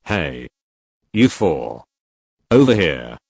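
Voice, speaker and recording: A man reading the lines of a sly con-man salesman in a fan story, with a pushy sales pitch. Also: big pitch swings, drawn-out words, gravelly, a little mellow, slightly rough, dry recording, heavily acted. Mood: wheedling.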